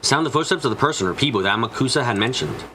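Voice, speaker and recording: A man's voice: medium pitch, lively intonation, racing, pushed and bright, slight background noise. A man reading a visual novel aloud on a let's play stream, giving the narration and the heroine's lines in his own voice. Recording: music playing behind.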